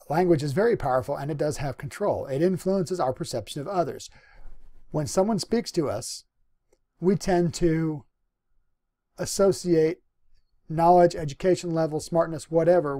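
Male instructor, slightly high, mellow tone, relaxed lecture delivery with pauses. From US Northwest. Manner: unhurried, conversational, with restarts and pauses. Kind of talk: recorded lecture.

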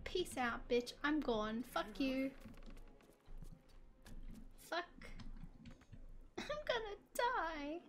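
Woman streamer, very high voice, slow delivery, cursing, yelling at her game party. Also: sing-song. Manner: frustrated, swears constantly, yells at game characters. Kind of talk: live gameplay commentary.

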